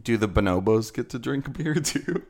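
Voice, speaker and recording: A man's voice: medium pitch, lively intonation, moderate pace. A man co-hosting a podcast in casual chat, joking, laughing often and rambling with fillers. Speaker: podcast co-host.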